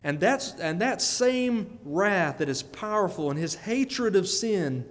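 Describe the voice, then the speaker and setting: Male preacher with a higher voice, earnest and questioning, long reverb tail. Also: animated, slow. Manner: earnest, repeats words, asks the listeners questions. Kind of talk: sermon.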